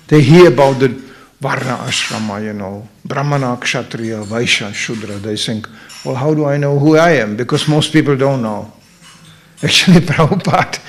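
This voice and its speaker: A middle-aged man giving a humorous scripture class at a temple, telling stories and acting out characters. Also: fairly high pitch. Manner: animated storyteller, acts out characters. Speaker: visiting speaker at a temple.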